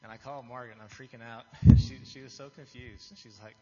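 A man's voice: medium pitch, little pitch movement, fast talker, mellow. A man giving an earnest, confessional testimony to a church audience, often restarting his phrases. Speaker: lay speaker giving a testimony. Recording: dull, reverberant hall recording.

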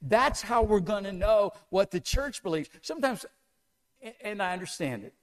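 A man's voice: high voice, animated, normal speed. A man preaching a sermon to a congregation, asking them one question after another with an emphatic delivery. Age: older.

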